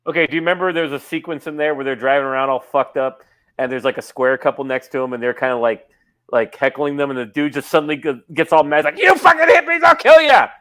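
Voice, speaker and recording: A man's voice: medium pitch, steady tone, fast, a bit bright. A man co-hosting a casual chat, teasing and needling the other host.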